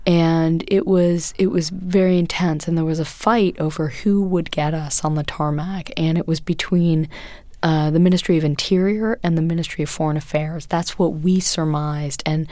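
Woman in her 40s, low voice, dry close sound, slow careful telling with lots of ums. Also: steady tone, dark tone, no echo. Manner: earnest, measured storytelling with frequent fillers. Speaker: guest, photojournalist. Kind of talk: recounting experiences in an interview.

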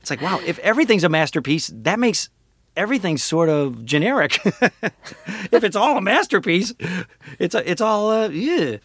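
A man's voice: high voice, sing-song, normal speed, a bit bright, dry recording. A middle-aged man with a nasal voice and a Syracuse accent, chatting playfully as an interview guest and slipping into voices. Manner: playful, slips into voices and impressions. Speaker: voice actor guest.

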